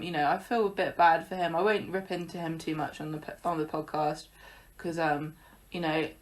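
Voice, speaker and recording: Lower-voiced chatty woman podcaster. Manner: sarcastic, chatty recapping with laughs. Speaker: podcast co-host. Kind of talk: casual chat.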